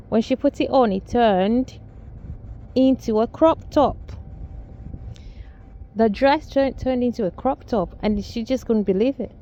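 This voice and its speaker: A woman's voice: a little high, dark tone, muffled recording. A woman telling a casual family story, rambling with restarts and amused asides. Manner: rambling, many restarts and fillers, laughs at own story.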